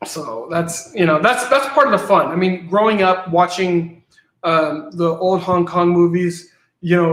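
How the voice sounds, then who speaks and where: A man's voice: high voice, a bit bright, roomy sound. A man, a guest creator, eagerly explaining his work in casual interview chat, often repeating words as he goes.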